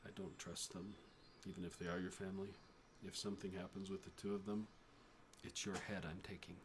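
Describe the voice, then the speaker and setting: A man voicing a small, hunched old woman who leads a forest tribe, speaking low and quietly. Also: little pitch movement, a little fast, noisy background, natural voice. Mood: stern.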